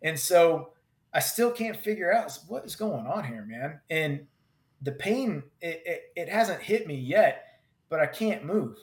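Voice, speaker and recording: A combat veteran telling a personal story in vivid, halting bursts with many restarts. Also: male voice, fairly high pitch, lively intonation. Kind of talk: personal story told in conversation. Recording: roomy echo.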